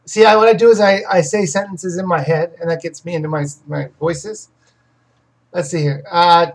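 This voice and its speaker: A husky-voiced game reviewer hosting a casual live question session. The voice sits at a middle pitch, and the talk rambles with frequent restarts and confident opinions on games. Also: brisk, poor audio. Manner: rambling, self-correcting, many restarts.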